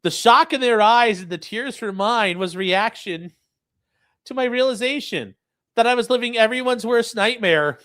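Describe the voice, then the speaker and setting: A man's voice: very high-pitched, normal speed, bright, forceful tone, clean tone. A man hosting a livestream, reading from a statement and mocking it with profane, sneering commentary. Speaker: livestream host.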